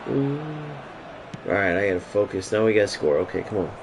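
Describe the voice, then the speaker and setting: A man's voice: on the low side, big pitch swings, a little fast, noisy background. A man streaming a game, ranting casually and profanely to his chat. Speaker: gaming streamer.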